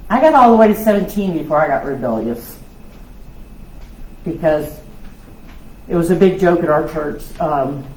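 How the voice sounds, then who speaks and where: A woman, giving a loud, lively personal testimony at a women's conference. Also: low-pitched. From South Louisiana. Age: 60s. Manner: loud, lively storytelling with laughs and acted-out voices. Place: church hall. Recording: echoey hall with faint noise.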